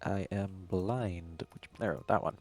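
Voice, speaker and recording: A man with a very deep voice playing a tabletop game over voice chat. He is playful and quick with a joke, and he spells out each of his character's actions. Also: no echo, soft background music. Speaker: player.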